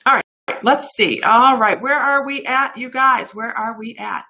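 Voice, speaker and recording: A woman giving intuitive readings on a live stream, chatty and warm, laughing at herself and drifting off topic. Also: on the high side, measured pace. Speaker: intuitive reader and shaman.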